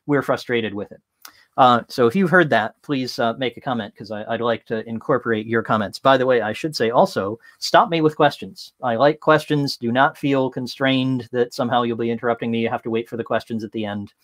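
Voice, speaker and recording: A man giving an interactive talk from home as a tech consultant, casual and full of fillers, telling lively stories. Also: medium pitch, a little fast, dry recording.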